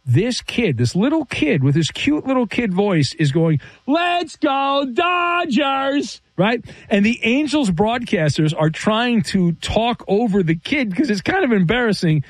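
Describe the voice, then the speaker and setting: An animated male sports radio host with a high, lively voice that swings up and down as he rambles through opinions and stories. The sound is close and dry, with no room around it. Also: moderate pace, dry recording.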